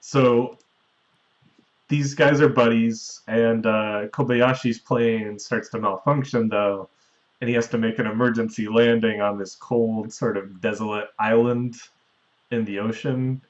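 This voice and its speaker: A man's voice: medium pitch, steady tone, measured pace, highs cut off. Man casually recapping a movie plot. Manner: recaps the plot at length, with chuckles. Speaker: podcast host recapping a film. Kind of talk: casual chat.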